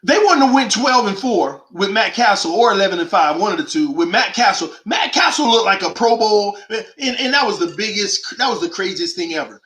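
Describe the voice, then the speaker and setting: Animated, preachy man with a bright voice. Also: high-pitched, fairly quick, hardly any pauses, echoey room. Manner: emphatic, preachy, rhetorical questions, slangy. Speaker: host of a call-in sports show. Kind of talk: animated opinionated monologue.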